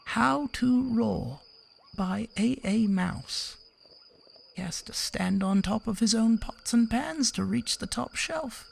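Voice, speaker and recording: A woman's voice: fairly high pitch, animated, slow, gravelly. A woman reading a children's picture book aloud in a sing-song way, stopping to chat about the pictures.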